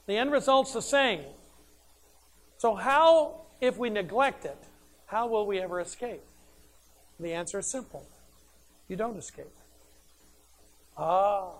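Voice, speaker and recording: A man's voice: high-pitched, lively intonation, a little slow, pauses often. Emphatic male preacher posing rhetorical questions. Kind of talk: sermon.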